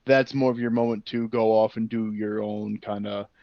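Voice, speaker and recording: A man speaking on a casual tabletop game panel, relaxed and halting with fillers. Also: fairly low pitch, gravelly, no echo. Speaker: panelist, player. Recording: dull dry lo-fi sound.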